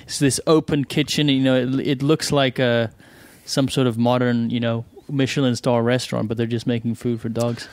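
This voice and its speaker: A man's voice: mid-range voice, flat delivery, normal speed, hardly any pauses, darkish tone, no room sound. A man co-hosting a casual podcast chat. He is easily amused and tells stories with animation. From South Africa. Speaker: podcast co-host.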